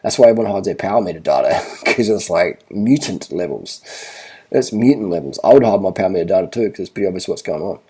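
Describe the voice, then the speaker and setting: A deep, dark, husky-voiced man talks over cycling footage. He is blunt and swears freely, and he hammers each point home by saying it again and again. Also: lively intonation, quick pace. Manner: blunt, profane, repeats himself for emphasis. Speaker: cycling vlogger. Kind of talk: casual commentary over race footage.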